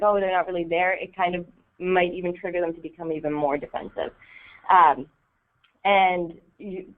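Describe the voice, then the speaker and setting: A woman leading a volunteer training session in a casual way, with many ums and a frequent "right?". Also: lowish voice. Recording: tinny phone-like audio.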